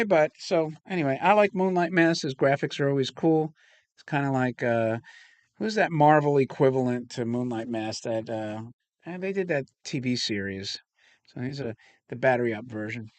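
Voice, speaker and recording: A man's voice: fairly high pitch, big pitch swings, moderate pace, no room sound. A man hosting a casual unboxing chat, rambling and swearing casually as he talks. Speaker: toy collector host.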